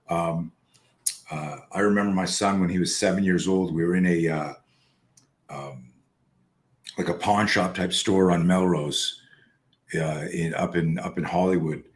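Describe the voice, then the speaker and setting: A man hosting a podcast over a call, telling a story in a casual, animated way and swearing freely. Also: sits low. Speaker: podcast host.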